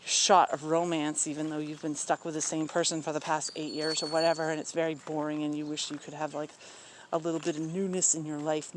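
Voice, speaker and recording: A man talks candidly about his own life in a loose, rambling way, filling gaps with ums and cutting in with blunt asides. He sits outdoors in a rural spot, where faint crickets and outdoor noise sound behind him. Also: on the high side. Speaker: vlogger talking about personal life. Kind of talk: casual personal talk.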